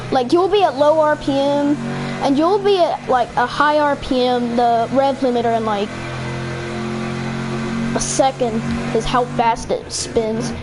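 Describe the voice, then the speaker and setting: High-voiced woman, slow game commentary. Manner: rambling, many fillers and restarts. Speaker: gaming channel host. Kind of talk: casual let's-play commentary. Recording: noisy with car game sounds. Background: racing game engine noise.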